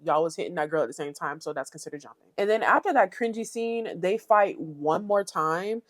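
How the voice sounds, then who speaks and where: A woman's voice: lowish voice, expressive, fairly quick, dry recording. A young woman hosting a reality TV recap, blunt, sassy and opinionated. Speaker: commentary channel host.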